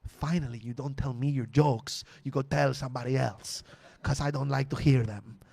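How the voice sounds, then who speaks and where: A man voicing his impatient mother, blunt and dismissive, in a quiet low voice. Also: steady tone, normal speed, gravelly, husky, dry recording. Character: impatient busy mother, middle-aged woman.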